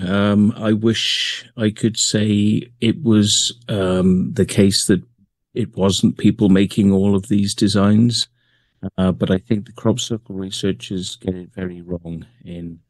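A man being interviewed, talking in a relaxed way with many pauses and fillers. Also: on the low side, no room sound. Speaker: guest, crop circle maker. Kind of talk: remote interview.

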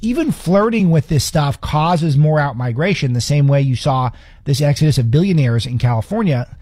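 Male commentary host, sarcastic and opinionated; husky, mellow tone. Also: fairly high pitch, animated, no echo, studio quality. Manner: sarcastic, scoffing, rapid asides.

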